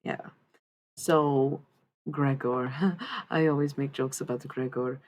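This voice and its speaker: A woman's voice: very deep voice, takes it slowly, darkish tone. A woman streaming live, chatting in a rambling way and giving a tarot reading, swearing freely. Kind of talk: casual livestream chat and tarot reading.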